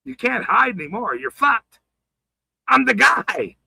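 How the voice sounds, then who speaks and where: A man ranting on a livestream, profane and taunting, swinging between shouting and muttering. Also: very high voice, sing-song, measured pace, creaky, slightly rough, rough recording. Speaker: livestream host.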